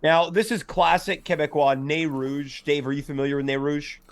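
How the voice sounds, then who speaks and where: A man's voice: on the high side, steady tone, moderate pace. A man co-hosting a casual chat, joking and teasing his co-host. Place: home.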